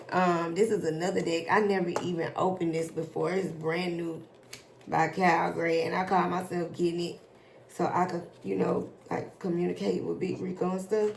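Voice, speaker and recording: A woman doing a casual tarot reading for her viewers, slowly reading out card messages and reacting to them. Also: fairly low pitch, steady tone, gravelly, darkish tone, a little hiss or hum. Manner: slow, drawn-out, reads card text aloud then reacts emotionally. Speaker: tarot reader.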